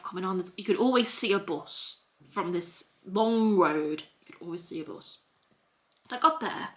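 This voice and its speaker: Bright-voiced young Scouse woman rambling. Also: fairly low pitch. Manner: rambling and repetitive, piling up restarts. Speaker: vlogger. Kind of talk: casual storytime vlog. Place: at home, sitting in a hoodie.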